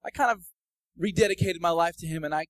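A man giving a casual, personal sermon testimony that builds into fervent, loud preaching. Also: a little high, quick pace, dry recording, low-quality recording.

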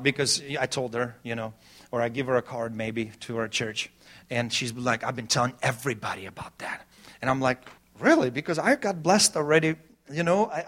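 In a church, a middle-aged pastor preaches a sermon at medium pitch, alternating between loud, emphatic lines and quiet storytelling. He laughs between his points.

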